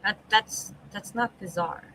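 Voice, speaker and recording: A woman hosts a livestream, firing off exasperated, blunt commentary packed with heavy swearing. Her mid-range voice is unhurried, bright and forceful. There's slight background noise, and the recording is rough.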